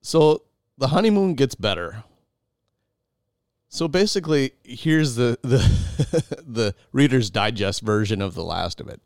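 A man's voice: medium pitch, lively intonation, a little slow, darkish tone, no echo, clean studio sound. A man hosting, animatedly retelling a dramatic story to his wife with many restarts. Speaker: podcast host.

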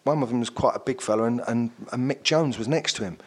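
Fast-talking man telling stories. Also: medium pitch, husky. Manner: rambling storyteller with many fillers. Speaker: actor guest. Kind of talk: casual chat.

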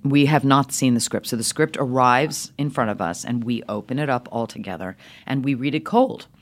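A middle-aged woman, an actress, telling animated stories in an interview, her voice leaping up with laughter and acted-out lines. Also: normal speed. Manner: lively, swings high with laughter and voices. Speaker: actress guest.

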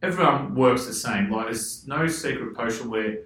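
A man's voice: medium pitch, normal speed, a bit bright, roomy sound, rough recording. A man with an Australian accent telling loose, rambling stories in casual chat, swearing freely and laughing often. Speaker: podcast guest, former footballer.

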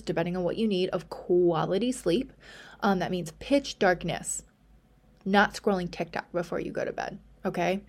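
Chatty woman podcast host, rambling. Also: fairly low pitch. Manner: chatty and rambling, with many fillers and asides; drops to a soft near-whisper for asides. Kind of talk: casual solo podcast talk.

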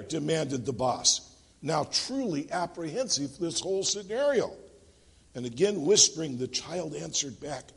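A man's voice: on the high side, big pitch swings, moderate pace, vocal fry, husky, big-room sound. A man preaching a sermon in a church, telling funny stories and acting out the voices in them. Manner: jokey storyteller, acting out voices in the tales. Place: church sanctuary.

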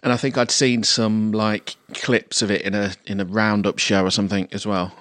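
A man co-hosting a podcast in casual chat, low-key and brief in his replies. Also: level tone, moderate pace, a bit bright, dry recording, studio quality. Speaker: podcast co-host.

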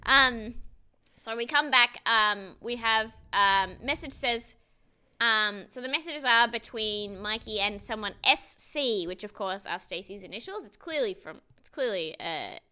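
A woman's voice: on the high side, expressive, measured pace, bright, forceful tone, clear, resonant tone. A woman co-hosting a podcast, recapping a reality show in casual, swearing chat, laughing often and acting out quotes. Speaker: podcast co-host.

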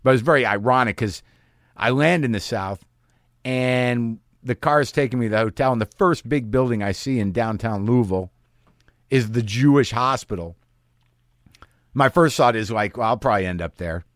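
A man's voice: medium pitch, moderate pace, no echo. Man in his garage hosting, self-deprecating rambler; medium voice, dead-dry room. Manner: self-deprecating, wry, trailing restarts. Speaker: podcast host. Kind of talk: casual rambling storytelling. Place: home garage studio.

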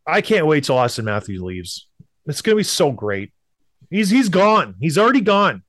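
A man's voice: on the high side, wildly swooping pitch, moderate pace, fairly bright tone, no room sound, clean studio sound. A man from Canada, a show co-host, giving blunt, emphatic opinions in sports talk and repeating points for effect. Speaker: hockey podcast co-host.

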